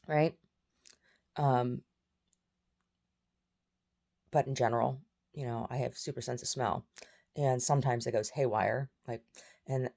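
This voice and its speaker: A woman's voice: rumbling low, vocal fry, darkish tone. A woman vlogging in a rambling, chatty way, jumping between topics. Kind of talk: casual chat.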